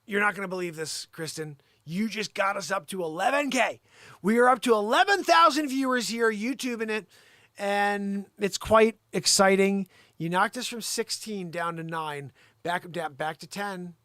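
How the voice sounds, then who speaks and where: A man hosting an improvised live comedy show, teasing a co-host in mock exasperation and lurching between loud outbursts and low mutters. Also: unhurried, no echo, studio quality.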